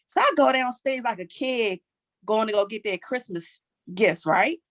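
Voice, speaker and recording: Sassy 40s comedian lady w a dc accent, dry close sound, lively up and down. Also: fairly high pitch, normal speed, dry recording. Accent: Washington, D.C. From Washington, D.C. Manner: animated, sassy, punctuates lines with "okay?". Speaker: stand-up comedian. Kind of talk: stand-up comedy set.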